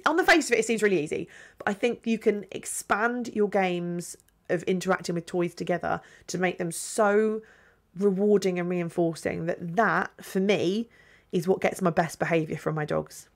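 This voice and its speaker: A woman's voice: lowish voice, gravelly. A middle-aged woman hosting a podcast as a dog trainer, talking casually with fillers and small laughs. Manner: chatty, with fillers and little laughs. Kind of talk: casual solo podcast talk.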